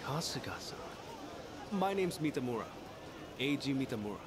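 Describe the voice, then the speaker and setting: A man's voice: mid-range voice, very animated, normal speed, background noise, lightly acted. An actor playing a polite, earnest, modest young man in a video game.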